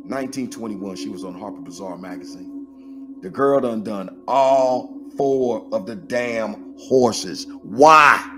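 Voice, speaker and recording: A man hosting a podcast, giving animated conspiracy commentary in a colloquial, emphatic way and answering his own questions with exclamations. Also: lowish voice, slow pace, music in the background. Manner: colloquial, emphatic, talks back to himself with exclamations. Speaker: podcast host.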